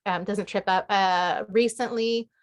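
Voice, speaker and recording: A woman's voice: medium pitch, fairly even intonation, a little slow. A woman author answering questions in a casual group chat on a video call, talking with many fillers and restarts. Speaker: guest author. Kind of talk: casual online group talk.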